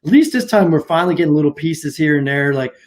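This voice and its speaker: A man's voice: a little high, fast talker, a little mellow. A man co-hosting a wrestling podcast, talking in a rambling, casual way with many fillers and restarts. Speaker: podcast co-host. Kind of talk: casual chat.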